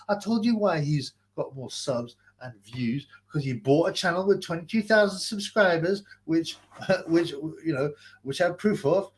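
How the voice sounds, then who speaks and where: A man hosting a live boxing stream, ranting and mocking with a fairly high voice. He rambles off on tangents and swears freely. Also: lively intonation, normal speed. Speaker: boxing livestream host.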